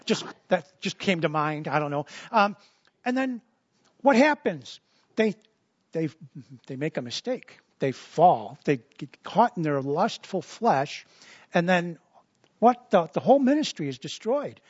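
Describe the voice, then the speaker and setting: A man's voice: fairly high pitch, very animated, measured pace, dry recording, lo-fi sound. A man preaching a sermon as a pastor, in a conversational style full of repetitions and asides.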